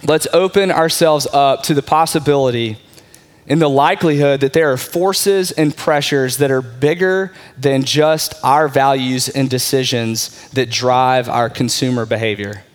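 A man's voice: mid-range voice, measured pace. A man giving a conversational sermon as a pastor, often checking in with his listeners. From Texas.

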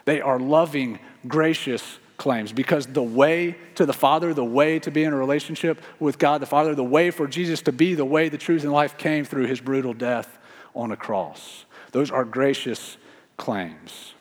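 A male pastor preaching a sermon in an earnest, slow way, repeating key phrases. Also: medium pitch. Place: church sanctuary. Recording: long reverb of a large hall.

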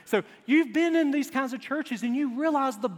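A male pastor preaching a sermon to his congregation, telling stories with humor and swinging from quiet asides to loud emphasis. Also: very high-pitched, moderate pace. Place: church sanctuary before a congregation. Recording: long reverb of a large church hall.

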